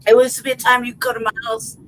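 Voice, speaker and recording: A woman's voice: fairly high pitch, level tone, quick pace, fairly bright tone, poor audio. Lady podcast host rambling thru a story, cussing a lot, "you know what i mean" every other line, laughing along, faint hum behind her. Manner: loose and profane, full of "you know what I mean" and "right?". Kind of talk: casual storytelling chat.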